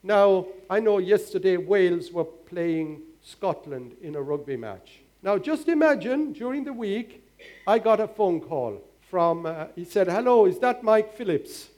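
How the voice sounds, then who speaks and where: A man's voice: sits high, expressive, measured pace, darkish tone. An older man preaching as a pastor, earnest and exhorting, asking his congregation rhetorical questions. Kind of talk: sermon.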